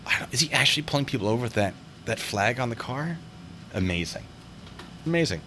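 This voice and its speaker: A man's voice: mid-range voice, fast, pushed and bright, a little hiss or hum. A man hosting a video review show, talking casually and wandering into jokey tangents. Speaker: host reviewing traffic stop videos.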